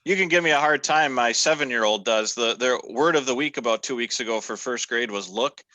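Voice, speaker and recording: A man in his thirties, a guest on a casual podcast, speaking in an earnest, measured way. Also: mid-range voice, pushed and bright, no echo, poor audio. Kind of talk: casual chat.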